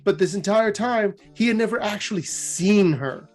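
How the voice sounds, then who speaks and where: A man's voice: high voice, moderate pace, darkish tone. A young man hosting a casual lore retelling, chatty and giggly with slangy asides. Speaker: host.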